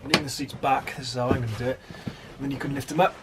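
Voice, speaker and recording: British bloke fitting out a van, swears a lot, dry jokes, noisy workshop with clicks going on. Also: male voice, mid-range voice, steady tone, fast. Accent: British English. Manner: swears freely, dry self-mocking asides while working. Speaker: van conversion vlogger. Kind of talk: casual working commentary. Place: workshop, under and inside a van.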